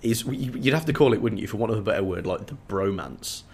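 A man co-hosting a casual book-discussion podcast, chatty and animated. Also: fairly low pitch, fairly quick, husky. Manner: chatty, animated, with frequent fillers and restarts. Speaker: podcast co-host.

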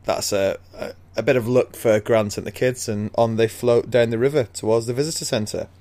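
A man's voice: mid-range voice, fairly even intonation, moderate pace, darkish tone. A man casually retelling a book chapter as a podcast co-host, laid-back and laughing often.

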